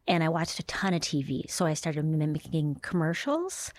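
A woman's voice: deep voice, steady tone, unhurried. A woman comedian from Duluth with a Minnesotan accent, chatting in an interview and slipping into voices as she talks. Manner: mimics voices, soft trailing delivery. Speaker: comedian guest. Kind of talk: casual interview chat.

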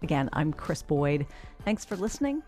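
A middle-aged woman hosting a public radio interview in a measured, conversational way. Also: sits low, very animated, a little mellow, soft background music. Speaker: radio show host.

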